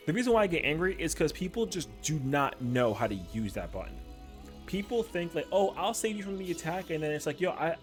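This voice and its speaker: A male game streamer in loose casual chat, worked up and swearing freely, every other phrase opening with "yo". Soft music plays faintly under his voice. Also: fairly high pitch. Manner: slangy, profane and heated, peppered with "yo". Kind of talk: casual chat while gaming.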